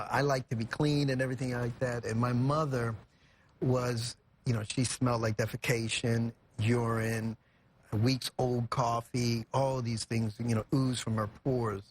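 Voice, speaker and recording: A man's voice: medium pitch, fairly even intonation, moderate pace. Young guy from california, earnest and reflective, lots of "you know", faint hiss. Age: young adult. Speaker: guest. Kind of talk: emotional storytelling. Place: TV studio.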